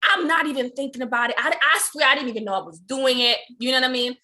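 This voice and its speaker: A woman in her thirties hosting a podcast, talking casually and telling stories in an animated, expressive way with frequent laughter. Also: high voice, quick pace. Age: 30s. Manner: laughs often while talking. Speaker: podcast host. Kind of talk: casual conversation.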